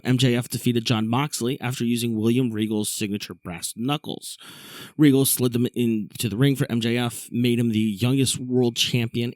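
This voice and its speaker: A man's voice: medium pitch, dry recording. A man hosting a casual wrestling podcast, recapping a show and reading an ad for the listeners. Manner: recaps matches briskly, reads an ad read. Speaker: podcast host.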